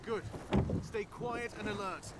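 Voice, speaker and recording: An actor playing a stern male ship's officer who gives curt orders in a game, under loud boat noise. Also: high-pitched, takes it slowly. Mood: commanding. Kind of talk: game voice acting.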